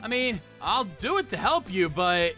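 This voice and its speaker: A woman's voice: mid-range voice, very animated, normal speed, sharp tone, faint music behind. A woman voicing a blunt young female private investigator who teases her friend. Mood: teasing. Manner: brash and teasing.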